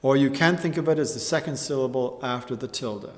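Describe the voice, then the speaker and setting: A man teaching a chant tutorial, explaining slowly and carefully and often clearing his throat. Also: mid-range voice, a little mellow, big-room sound. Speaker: music teacher.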